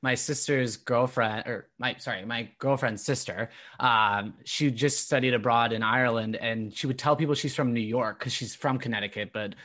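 Guy interviewer, laid back, rambles his questions, mid pitch. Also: normal speed, hardly any pauses. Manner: relaxed, rambling questions with fillers. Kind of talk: casual interview.

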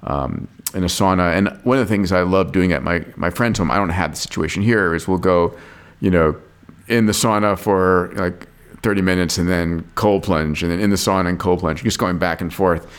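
Deep-voiced enthusiastic podcast host. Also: male voice, normal speed, clear, resonant tone. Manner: enthusiastic, interjects and laughs. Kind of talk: casual chat.

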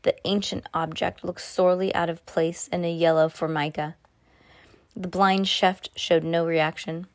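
Low-voiced woman reading a novel aloud. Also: flat delivery, measured pace, no echo. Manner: unpolished reading with frequent slips and restarts. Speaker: reader.

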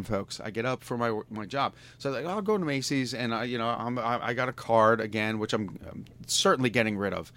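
A man's voice: medium pitch, fairly bright tone. Exasperated man in his fifties ranting. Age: 50s. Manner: exasperated, profane, stammering restarts. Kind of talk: casual ranting storytelling.

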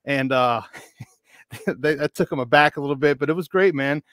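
A man in his fifties, a podcast guest, telling a long casual story in an animated, rambling way with many restarts. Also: on the high side, normal speed, no room sound, studio quality. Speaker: podcast guest, football expert.

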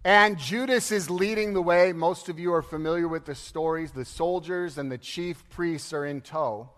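Male pastor, high voice, animated sermon storyteller, long hall reverb. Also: normal speed. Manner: lively, laughing storyteller acting out quotes.

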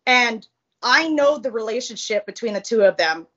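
A woman tells a personal story as a guest in a casual interview, her high voice a bit bright with lively intonation at a moderate pace. She is blunt, swears, and speaks with plenty of animation, though the recording sounds somewhat muffled.

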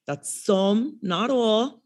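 Irish woman, chatty and animated. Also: mid-range voice, very slow. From Ireland. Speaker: guest comedian. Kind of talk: casual chat. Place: outdoors in public. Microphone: video call.

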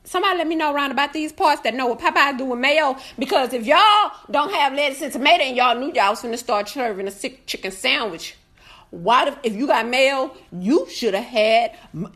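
Woman, live food-review rant; loud, profane, swooping and animated delivery, bright edge. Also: high-pitched, moderate pace. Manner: laughs through her complaints. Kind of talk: casual ranting review.

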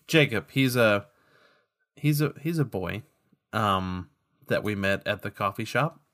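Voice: medium pitch, animated, a little slow, fairly bright tone. A player in a tabletop role-play who speaks in character, hesitant and earnest.

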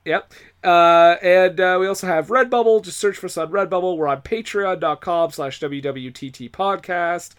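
A man's voice: high-pitched, moderate pace, fairly bright tone, clean tone. A man hosting a podcast in casual chat, rambling and hesitant with playful jokes. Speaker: podcast host.

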